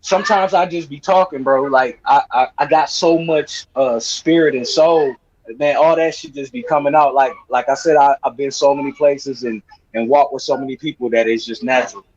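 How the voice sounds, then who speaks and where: A man from Michigan, earnest and slangy, rambling through his thoughts on a casual stream panel. His mid-pitched voice comes through as dull, lo-fi audio. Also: fairly even intonation, normal speed, darkish tone. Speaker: panel participant.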